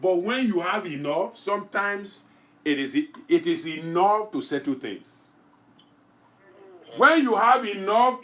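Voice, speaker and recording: A man preaching a sermon, reading scripture and commenting, then leading fervent, repetitive prayer that rises to shouts. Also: sits high, reverberant. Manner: reads scripture aloud with comments. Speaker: pastor.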